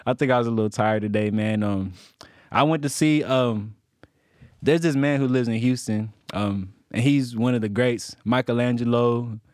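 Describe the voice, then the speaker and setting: A man's voice: mid-range voice, normal speed, darkish tone, no room sound, studio quality. A young man from Texas hosting a podcast, easygoing and sincere in a casual chat. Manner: easygoing, hype banter, sincere scripted intro. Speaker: podcast host.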